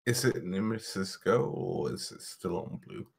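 A man playing a tabletop game, describing his character's actions in an unhurried way. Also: deep voice, animated, vocal fry, breathy edge. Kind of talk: casual game chat.

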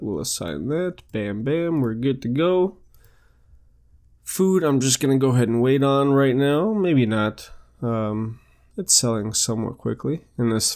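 Hosting a let's play, this young man speaks in a mid-range, slightly mellow voice. His commentary is casual chat, with a running narration of each move in the game.

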